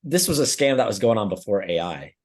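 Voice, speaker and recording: A man's voice: lowish voice, expressive, a little fast, darkish tone, husky. A young man on a podcast, telling a story casually, rambling with lots of fillers and swearing. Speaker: podcast co-host. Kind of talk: casual chat.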